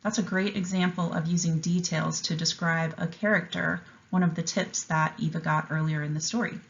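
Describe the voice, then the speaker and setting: Explaining a writing lesson to young kids, this teacher also reads from a picture book with lively, expressive delivery. She speaks at normal speed in a lowish voice with vocal fry, and the highs are cut off.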